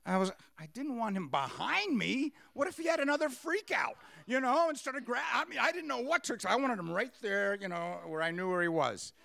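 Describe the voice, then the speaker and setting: A man telling a personal story on stage, animated, acting out what people said. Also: high-pitched, vocal fry, dry recording. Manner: animated, acts out quotes with laughs.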